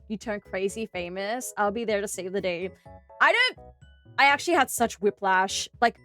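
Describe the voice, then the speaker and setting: Lively giggly Australian woman streamer. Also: a little high. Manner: animated, giggly, exclamatory. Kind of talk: casual live-stream chat with viewers.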